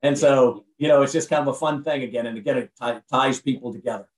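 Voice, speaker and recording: A man's voice: medium pitch, fast. A man talks as a guest on a podcast, full of preachy, motivational energy, stumbling over and restarting his words as he pushes forward. His voice sits a little back from the mic in a roomy, echoing space. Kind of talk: casual podcast conversation. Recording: roomy sound from far off the mic.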